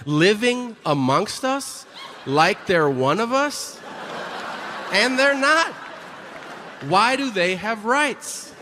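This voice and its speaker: A man's voice: high-pitched, expressive, slow, long pauses, pushed and bright. Profane stand-up guy, 40s, bouncy up-and-down delivery, big hall echo, crowd noise all around. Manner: brash, profane storytelling. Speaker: stand-up comedian. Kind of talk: stand-up comedy. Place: theater stage before a live audience. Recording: live hall reverb with audience noise.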